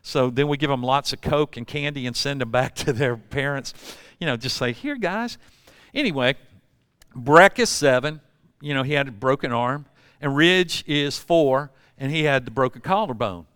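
A man's voice: mid-range voice, moderate pace, fairly bright tone, smooth, no room sound, clean studio sound. An older man preaching a sermon, telling folksy stories and acting out voices. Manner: folksy storytelling with acted-out voices. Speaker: pastor.

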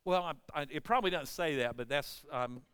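A man preaching a sermon with passion, his delivery swinging between hushed, intense passages and loud, emphatic ones. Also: on the high side, brisk, smooth.

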